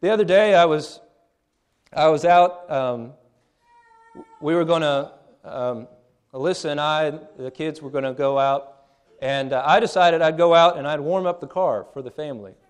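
A man in his thirties delivers a sermon with earnest conviction. His voice sits a little high for a man. He speaks plainly and often restarts phrases mid-thought. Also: moderate pace, clean tone. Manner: earnest, plain-spoken, with frequent restarts and fillers. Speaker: preacher.

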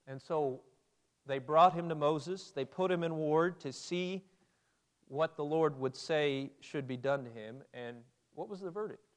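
A man's voice: fairly high pitch, a little slow, clear, resonant tone. A man preaching a conversational Bible sermon, asking his listeners questions and reading scripture aloud. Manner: conversational, asks the audience questions.

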